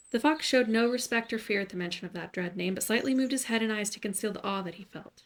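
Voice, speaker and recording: A woman narrating a bedtime story in a soft, soothing way. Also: mid-range voice, quick pace, hardly any pauses, a little hiss or hum.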